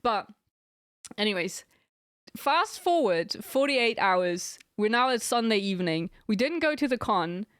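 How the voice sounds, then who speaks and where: A woman's voice: fairly high pitch, sing-song, measured pace, fairly bright tone, clear, resonant tone, no echo. Giggly young woman streamer, dry sound. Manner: giggly, rambling storytelling. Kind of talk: casual chat with stream viewers.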